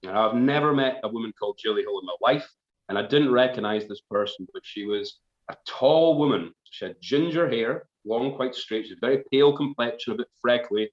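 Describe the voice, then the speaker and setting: Speaking briskly at medium pitch, this folk musician rambles through a casual yarn on his live stream, poking fun at himself and breaking off to chuckle. His audio comes across dull and echoey, like a room recording.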